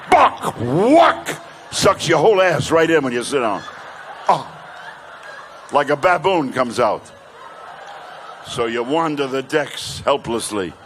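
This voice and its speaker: An older male comedian doing stand-up, telling brash rapid-fire jokes. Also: medium pitch, a bit bright, a little hiss or hum.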